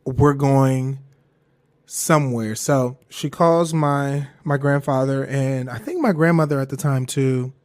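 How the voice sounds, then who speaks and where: A man hosting a podcast, telling a personal story in a candid, rambling, animated way with some swearing. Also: mid-range voice, a little slow, few pauses. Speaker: podcast host.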